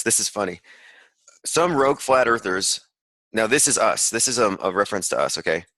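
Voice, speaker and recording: A podcast host gives sarcastic, rambling commentary to an online call, reading bits of an article aloud with frequent asides. His voice sits a little low, creaky, yet bright and forceful. The low-quality recording is close and dry, with no room sound.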